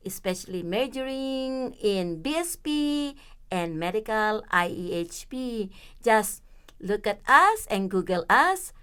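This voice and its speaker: A woman's voice: mid-range voice, a bit bright, clean tone. A woman hosting a streaming podcast, asking short questions in a casual, friendly way. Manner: friendly, brief prompts and back-channels. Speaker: podcast host. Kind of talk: casual interview chat.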